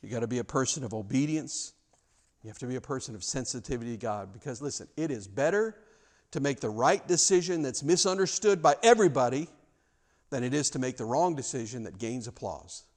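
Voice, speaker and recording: A man's voice: medium pitch, expressive, a little fast. A man preaching a sermon in a church, speaking earnestly with frequent stammered restarts. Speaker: pastor.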